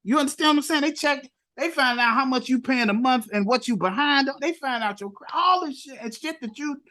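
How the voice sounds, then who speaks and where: A podcast co-host in casual chat, animated and rambling, with lots of restarts. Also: sits high, a little fast.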